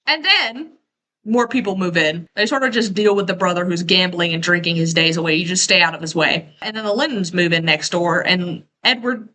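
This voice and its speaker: A woman in her twenties giving a casual, profane, sarcastic rant as she recaps a story, tossing in quick quoted asides. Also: mid-range voice, sharp tone, rough recording. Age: 20s. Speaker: video essayist.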